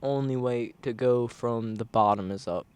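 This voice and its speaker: A man of medium pitch speaks straight into his camera mic, earnest and rambling as he circles back to the same point again and again. His delivery is casual and unscripted, the loose talk of a personal vlog. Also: moderate pace, clean tone. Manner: earnest, rambling, repeats himself. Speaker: vlogger.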